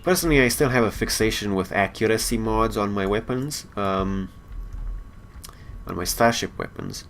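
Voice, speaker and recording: Male let's play host, low gravelly voice, loose joking commentary. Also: moderate pace, fairly bright tone, slight background noise. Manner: jokey and rambling, chuckles at his own jokes. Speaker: gaming channel host.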